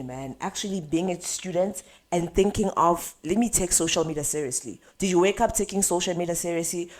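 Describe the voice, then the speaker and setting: A woman's voice: fairly low pitch, darkish tone. A woman hosting a casual podcast, asking long, rambling questions. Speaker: podcast host.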